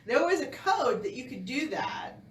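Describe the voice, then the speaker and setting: A woman's voice: high voice, very animated, moderate pace. A middle-aged woman co-hosting a casual chat, chatty and laughing along. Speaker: co-host. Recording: roomy, distant mic, faint background noise.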